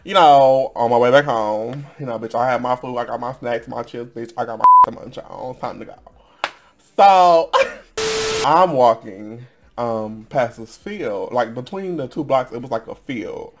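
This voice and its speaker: A man's voice: medium pitch, unhurried, a little hiss or hum. A man in his twenties telling a storytime vlog to camera, sassy and profane, laughing often and calling viewers girl. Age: 20s. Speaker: storytime vlogger. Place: at home in front of a camera.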